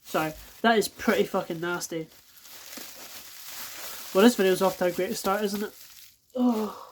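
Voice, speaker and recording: A Scottish woman talks through an unboxing from her home floor, casual and unscripted. She swears freely, sounds exasperated, and keeps breaking off to apologize to her viewers. Her pitch sits at an everyday middle level for a woman. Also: unhurried, slight background noise. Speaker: toy collector reviewing die-cast cars. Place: at home, indoors on a carpeted floor.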